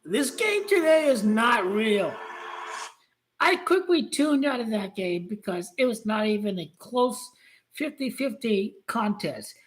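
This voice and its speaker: A woman with a slightly high voice talks casually about a game. Her tone is skeptical and argumentative. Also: lively intonation, unhurried, slight background noise, rough recording. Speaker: sports commentator. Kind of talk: casual opinion talk.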